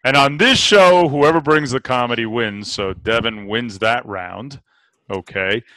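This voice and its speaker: A man co-hosting a podcast in a loose, joking way, trading playful banter with his guests. His pitch sits in the middle range. The sound is dry, with no room echo. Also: a little slow, bright, forceful tone. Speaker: podcast co-host. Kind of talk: casual podcast chat.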